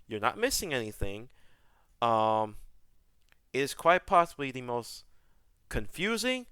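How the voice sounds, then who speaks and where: A young YouTuber rants to camera in exasperation, piling up rhetorical questions and repeated words. His voice is fairly high, sharp in tone, and smooth, captured in clean studio sound with no echo.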